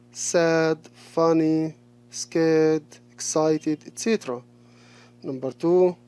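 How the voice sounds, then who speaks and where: A male English teacher talking through a lesson, slowly repeating each answer and praising the replies. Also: on the high side, dark tone. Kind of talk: recorded classroom lesson.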